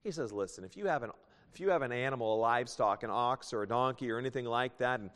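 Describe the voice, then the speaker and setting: A man's voice: mid-range voice, quick pace, a bit bright. Preacher man in a reverberant hall. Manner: folksy, reads scripture aloud and tells jokes. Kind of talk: sermon.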